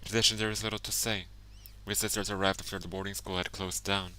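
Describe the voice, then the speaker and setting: A man's voice: fairly low pitch, level tone, quick pace, pushed and bright, a little hiss or hum, poor audio. Curt stern nun, read out by a man. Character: stern elderly nun running a nursing home.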